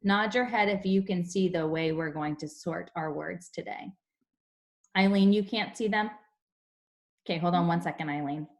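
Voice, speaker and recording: A young woman leads a phonics lesson for small children on a video call. Her voice sits slightly low, and she explains each sound slowly and clearly, like a patient teacher. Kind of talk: online class phonics lesson.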